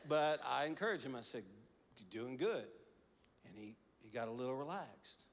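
A pastor preaching a sermon in a church, telling a lively story with frequent laughter, then leading prayer. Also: male voice, medium pitch, a little fast, a little hiss or hum. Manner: animated storytelling, laughs often, swings from hushed to loud. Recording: long church reverb.

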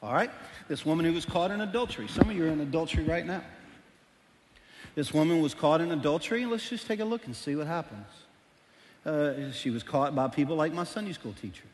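A middle-aged man, preaching a sermon as pastor, telling stories animatedly and swinging between loud and hushed. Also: a little high, animated, fairly quick, a little hiss or hum. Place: church auditorium. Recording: long reverb of a large hall.

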